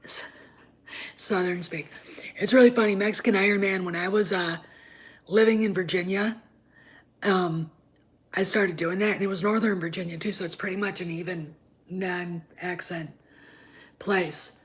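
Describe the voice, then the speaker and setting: A woman's voice: fairly low pitch, steady tone, moderate pace, pauses often. A woman, chatting casually on a livestream and rambling with many fillers and restarts. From Wisconsin, US. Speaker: livestream host.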